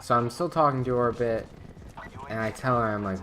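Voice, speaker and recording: A man's voice: mid-range voice, quick pace, fairly bright tone. A young man streaming a game, telling a story casually, with many fillers and restarts. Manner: rambling, filler-heavy, lots of restarts. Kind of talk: casual storytelling while gaming.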